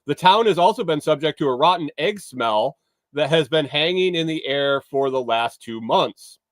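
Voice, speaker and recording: A man's voice: a little high, expressive, moderate pace, no echo. A man hosting a morning livestream, reading news stories aloud and breaking off into sarcastic, rambling asides with some swearing. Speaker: livestream morning show host. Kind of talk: casual news commentary.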